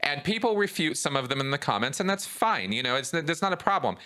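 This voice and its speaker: Male podcast host, conversational and lively, with a forceful, bright tone and a voice that swings up and down a lot. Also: a little high, quick pace, clear, resonant tone. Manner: animated, voice rises when riled up.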